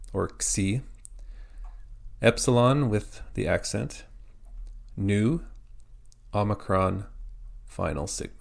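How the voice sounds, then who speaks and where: A man teaching a pronunciation lesson, spelling out words letter by letter in a slow, methodical way. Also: on the low side, gravelly.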